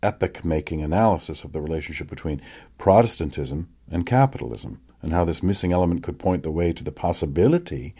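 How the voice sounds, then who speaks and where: Deep, husky male audiobook narrator. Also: big pitch swings, mellow. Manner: measured, reflective.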